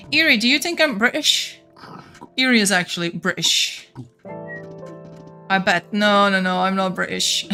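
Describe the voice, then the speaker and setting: A Flemish woman from Belgium whose first language is Flemish, chatting casually with viewers on a game stream, a little monotone at times. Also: mid-range voice, normal speed, faint music behind. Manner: a bit monotone at times, laughs often.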